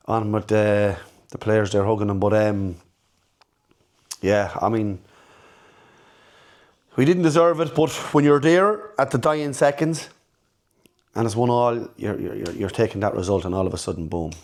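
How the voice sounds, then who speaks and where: A man's voice: lowish voice, a little mellow. A middle-aged man, hosting a casual football fan reaction and talking frankly, repeating words as he rambles through his thoughts. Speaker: football fan channel host.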